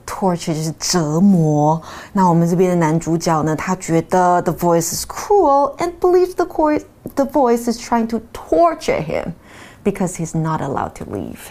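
Mandarin-speaking woman co-teaching english, warm low voice, translates words back and forth. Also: very animated, normal speed. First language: Mandarin Chinese. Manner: switches between Chinese and English, translates terms. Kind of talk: bilingual lesson chat.

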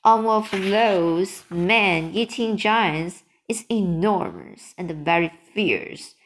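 A woman's voice: mid-range voice, animated, slow, slight background noise. A woman reading the part of a big friendly male giant from a storybook, speaking in jumbled grammar and made-up words. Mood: muddled. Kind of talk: read-aloud storybook.

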